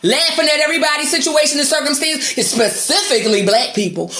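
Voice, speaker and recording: A woman's voice: high voice, fast talker, hardly any pauses, a bit bright, echoey room. A woman delivering an angry, sarcastic, profanity-heavy rant to her viewers. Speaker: vlogger. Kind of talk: angry ranting monologue.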